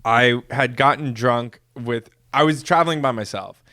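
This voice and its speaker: A man's voice: mid-range voice, normal speed, bright, forceful tone, dry recording, clean studio sound. An American man on a podcast, telling a rambling story in casual chat, acting out quoted voices and laughing often. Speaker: podcast co-host.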